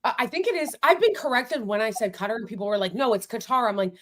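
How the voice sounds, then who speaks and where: A woman's voice: fairly high pitch, sing-song, fast talker. An American woman hosting a casual political chat, blunt and heated, swearing freely. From United States. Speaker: host.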